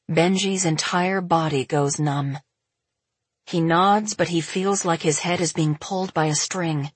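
Husky woman narrating an audiobook. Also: lowish voice, unhurried, no room sound. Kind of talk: scripted narration.

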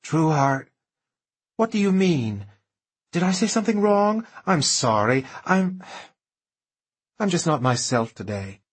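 A fragile middle-aged society woman, plaintive and quick, voiced by a man raising his pitch. She speaks with a soft husky edge in an audiobook reading. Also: very animated, exaggerated voice. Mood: anxious. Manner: plaintive, apologetic.

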